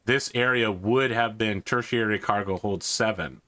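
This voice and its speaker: A man running a tabletop game and describing the scene in a measured way. His voice is bright and forward. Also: on the low side, no room sound. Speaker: game master.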